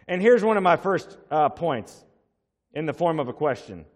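A man preaching a sermon, explaining slowly and repeating words for emphasis. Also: mid-range voice, big pitch swings. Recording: long hall reverb.

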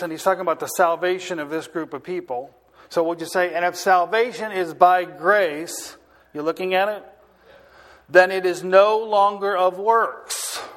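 A male pastor preaching a sermon, stressing key words slowly and often checking whether the audience is listening. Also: high voice, fairly bright tone. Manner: asks the audience if they are listening.

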